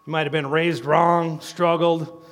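High-voiced middle-aged man preaching. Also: flat delivery, measured pace, fairly bright tone. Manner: folksy, chuckles between points. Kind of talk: sermon. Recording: long hall reverb.

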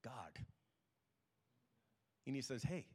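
An older man preaching a sermon, telling personal stories in a plain, halting way. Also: medium pitch. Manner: plain, halting testimony with restarts. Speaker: pastor. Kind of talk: storytelling sermon. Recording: long reverb of a hall.

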